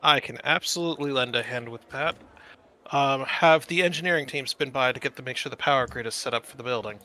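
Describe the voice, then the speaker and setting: Man, tabletop role-play, easygoing, very bright tense voice, mid pitch. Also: a little fast. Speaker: player voicing a Trill doctor.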